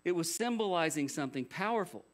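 A man's voice: fairly high pitch, expressive, fast. A man preaching a sermon as pastor, conversational, with rhetorical questions and jokey asides.

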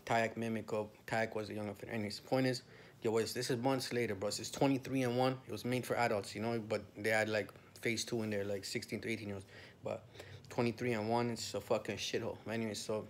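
A man's voice: fairly low pitch, a little hiss or hum. A man from Canada telling a story as a heated, profane rant full of street slang.

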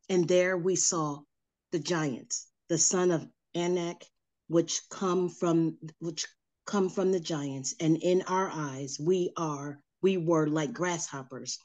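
A woman reading scripture aloud at a Bible study, halting and repeating words as she goes. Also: low voice, steady tone, a little mellow.

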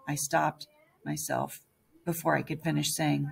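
A woman's voice: sits low, fairly even intonation, moderate pace, vocal fry, breathy edge. A woman narrating an audiobook in the first person as a young girl.

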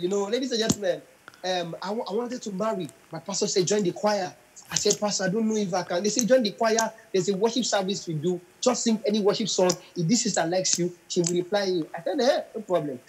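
A man's voice: high voice, a little fast, a little hiss or hum, low-quality recording. A young adult man, a comedian telling stories in an interview, acting out voices and singing lines. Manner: animated storyteller, acts out voices and sings lines. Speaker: comedian guest.

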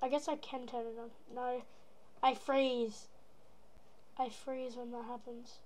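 Slow and a little mellow, this fairly high-pitched woman delivers her lines flatly on a rough recording. She's an Australian gaming channel host using a put-on American accent, rambling playfully through gameplay with silly noises.

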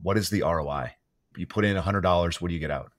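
Fast-talking deep-voiced male podcast host. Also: dry recording. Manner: quick, friendly questioning. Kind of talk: casual interview conversation.

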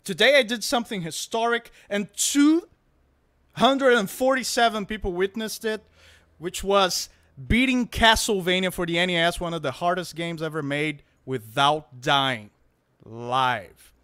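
Brief: panel regular, man, bright tone, dry close sound, playfully defensive. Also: high voice, a little slow, no echo. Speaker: show regular. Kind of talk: casual panel chat.

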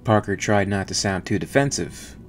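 A man narrating a novel in an even, measured audiobook reading. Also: on the low side, faint music behind.

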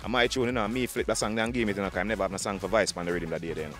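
A man with a Jamaican accent, a dancehall artist talking fast in animated patois in an interview. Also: fairly low pitch, soft background music. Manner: fast animated patois, frequent "dog" and "you understand".

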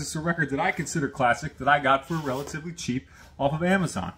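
A man hosting a casual unboxing video, chatty and self-deprecating, full of quick asides. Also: a little high, sharp tone. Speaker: host of an unboxing series. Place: at work on a lunch break.

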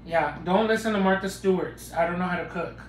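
A man's voice: high voice, a little fast, a little hiss or hum. Man hosting a live cooking stream, playful banter with the chat, phone audio in an echoey kitchen. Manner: playful, joking, chats with viewers. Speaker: cooking livestream host.

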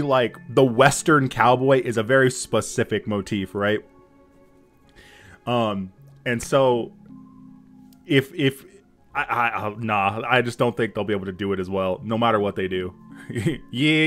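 A man in his thirties giving casual reaction commentary on a game, excitable, swearing and laughing often. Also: mid-range voice, unhurried, faint music behind. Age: 30s.

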